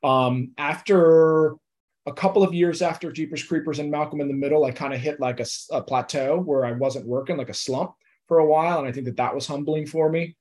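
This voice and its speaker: A man's voice: a little high, steady tone, brisk, darkish tone. A young adult man, an actor guest in an interview, talking in a loose, laid-back way with lots of fillers and easy laughs. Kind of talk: casual interview chat.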